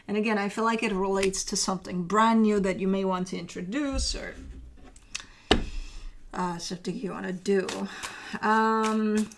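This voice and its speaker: A woman's voice: mid-range voice, vocal fry, background noise. A woman giving a casual tarot reading, chatty and loose, swearing now and then and slipping into teasing asides. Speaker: tarot reader.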